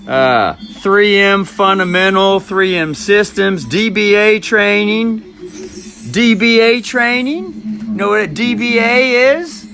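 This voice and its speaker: A man in his fifties, a navy veteran, talking to camera in a rambling monologue, musing, repeating his phrases and chuckling to himself. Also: high voice.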